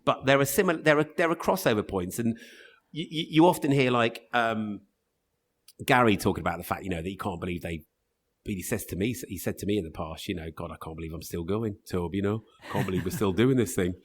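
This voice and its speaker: A man in his fifties chats as an interview guest, telling stories quickly and animatedly. His pitch leaps up and down as he restarts sentences and piles up asides. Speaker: radio presenter, guest. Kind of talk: casual interview chat.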